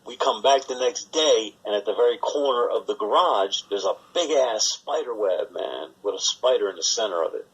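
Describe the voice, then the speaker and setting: A man's voice: lowish voice, animated, moderate pace, hardly any pauses, husky, poor audio. A man co-hosting a podcast, rambling through work stories in casual, profane chat and acting out the voices of the people in them. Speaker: podcast co-host.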